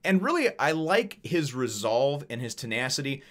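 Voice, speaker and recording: A man's voice: mid-range voice, big pitch swings, normal speed, fairly bright tone. Guy rambling through a manga recap, swears a lot, chuckles, keeps saying you know, medium voice. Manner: rambling, profane, many fillers and laughs. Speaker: manga reviewer. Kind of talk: casual chat.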